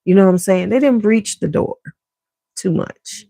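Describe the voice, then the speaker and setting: A woman's voice: mid-range voice, normal speed, dark tone, no room sound. A middle-aged woman vlogger chatting casually to her viewers and telling a family story from her home basement. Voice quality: gravelly, chatty and conversational.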